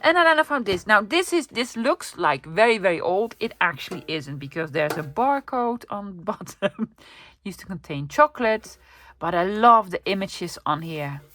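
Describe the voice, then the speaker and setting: A woman's voice: mid-range voice, animated, normal speed, fairly bright tone, no room sound. A woman from the Netherlands, chatting casually to camera as she shows off her thrift-store haul and coos over the pictures. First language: Dutch. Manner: chatty and enthusiastic, cooing over finds. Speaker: vlogger showing a thrift haul.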